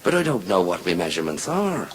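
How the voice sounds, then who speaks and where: A man's voice: deep voice, sing-song, fast, slight background noise, voice pushed down. Man doing a dim Irish army recruit. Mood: puzzled.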